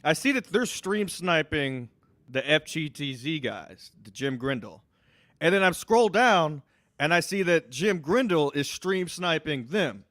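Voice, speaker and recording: A man's voice: on the high side, expressive, fairly bright tone, no room sound, studio quality. A man co-hosting a casual podcast, rambling and swearing as he tells stories. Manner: rambling, profane, quick laughs. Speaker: podcast co-host.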